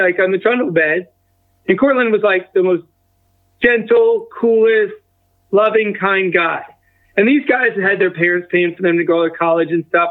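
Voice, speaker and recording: A man in his forties telling a personal story as a guest, acting out the other people's lines as he goes. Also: high voice. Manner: acts out quoted dialogue with a lively shift in tone. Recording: tinny phone-like remote line.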